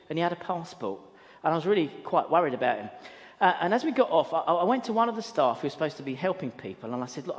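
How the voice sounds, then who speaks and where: A man preaching a sermon in a church hall, telling a story earnestly and often repeating words as he goes. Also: on the high side. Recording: long hall reverb.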